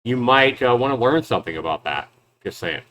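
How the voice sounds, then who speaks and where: A man in the middle of an ordinary pitch range, talking back at clips from a rival. He sounds sarcastic and mocking as he takes apart each claim. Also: expressive, a little fast, a bit bright. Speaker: YouTube game reviewer and developer. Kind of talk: reaction commentary.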